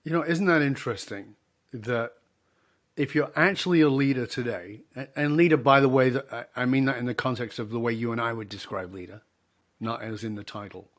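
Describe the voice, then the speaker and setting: A man's voice: medium pitch, brisk. A middle-aged man, a leadership speaker and podcast guest, telling stories and acting out both sides of the dialogue. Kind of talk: storytelling in a podcast interview.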